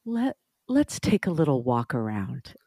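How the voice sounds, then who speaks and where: A woman imitating a soft-spoken female massage therapist, talking in a low, hushed, slow and soothing way. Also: big pitch swings, husky, no room sound, studio quality, heavily acted.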